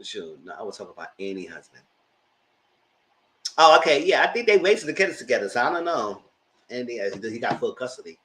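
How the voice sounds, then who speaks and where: A man casually recapping a reality TV show, retelling scenes with animated quoted voices. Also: a little fast, long pauses, low-quality recording. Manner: animated retelling, jumps into high squealing voices when quoting others. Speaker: commentator.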